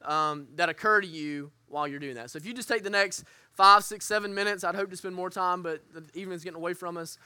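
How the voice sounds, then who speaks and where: Here a high-pitched man speaks rapidly in a sharp, clean tone with no echo. He is the pastor teaching a church group: earnest, candid, self-deprecating, with lots of restarted sentences.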